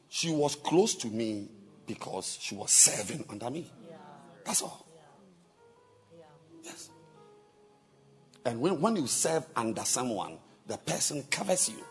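Male bishop preaching, animated storyteller, lively swooping voice, faint music behind. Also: mid-range voice. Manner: animated, acts out dialogue, repeats words. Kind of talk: sermon storytelling.

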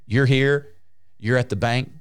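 A man's voice: medium pitch, fairly even intonation, unhurried, clear, resonant tone. A man preaching a sermon in an emphatic, repetitive way, restarting phrases and calling out hallelujah.

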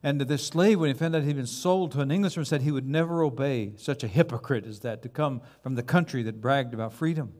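A man's voice: mid-range voice, a little fast, hardly any pauses, darkish tone. A man preaching a sermon as pastor, building dramatically to emphatic repeated words.

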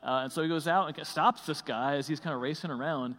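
A man's voice: a little high, fast talker, fairly bright tone. Man preaching in a reverberant church. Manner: conversational, with many fillers and restarts. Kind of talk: sermon.

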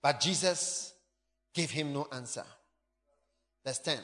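A man preaching a sermon, reading scripture aloud and explaining it with emphatic, animated bursts. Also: fairly high pitch, takes it slowly, big-room sound.

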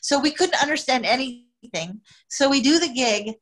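A woman's voice: high-pitched, animated, moderate pace, a bit bright, low-quality recording. A woman, a podcast guest, telling a travel story with lots of expression, often laughing and acting out quotes. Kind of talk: animated storytelling.

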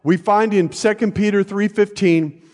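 A fairly high-voiced older man preaching in a church, his words trailing into a long hall reverb. He keeps it conversational, dropping jokes and checking whether his listeners are still with him. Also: fairly even intonation, normal speed, darkish tone. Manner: conversational, joking asides, checks in with the congregation. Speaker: pastor. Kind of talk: sermon. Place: church sanctuary.

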